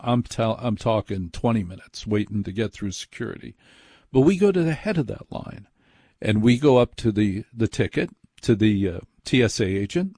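A man's voice: on the low side, creaky, darkish tone, breathy edge, dry recording. A man hosting a late-night radio show, telling a story in a chatty, self-deprecating, rambling way from a studio mic.

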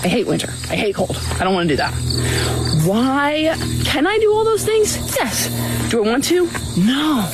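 A woman's voice: high voice, very animated, normal speed, noisy background. A woman talking emphatically to camera in a matter-of-fact manner. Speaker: video creator. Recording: music playing behind.

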